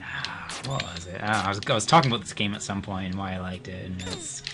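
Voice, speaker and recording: A man's voice: low-pitched, fast, music in the background. A man giving casual, dry and sarcastic commentary while playing a video game with friends.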